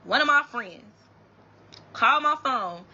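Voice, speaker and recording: A woman's voice: high voice, animated, unhurried, pushed and bright, dull audio. A young woman telling her viewers a personal story in a casual, profane, blunt way, often restarting her sentences. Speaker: storytime vlogger.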